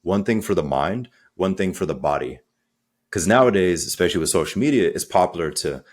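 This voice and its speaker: A man speaking as a coach in a podcast interview, energetic and conversational, acting out little quotes as he talks. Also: low-pitched, fairly quick. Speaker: guest, transformational coach.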